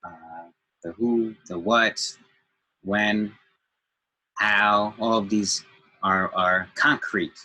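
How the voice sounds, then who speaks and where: A man's voice: on the low side, fairly even intonation, very slow, pauses often, bright, forceful tone, poor audio. A man speaking in a reflective group discussion, thoughtful and hesitant, with many fillers and restarts.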